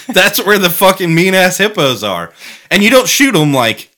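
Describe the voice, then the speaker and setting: A man's voice: high voice, big pitch swings, normal speed, pushed and bright. A man co-hosting a podcast, telling rambling, profane stories in casual chat. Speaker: podcast co-host.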